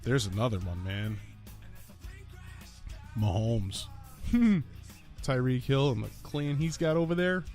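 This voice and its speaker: A man hosting a casual solo sports podcast, talking in an animated, rambling way and repeating lines for emphasis. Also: mid-range voice, brisk, few pauses, soft background music. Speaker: podcast host. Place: lives in Orlando.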